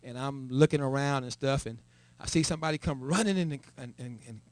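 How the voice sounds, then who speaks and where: Middle-aged male church elder testifying, stammers and builds to emphatic peaks, mid-pitched, close dry sound. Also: fairly quick, darkish tone, no echo. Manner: stammering repeats, rising to emphatic raised voice. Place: church sanctuary. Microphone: live stream.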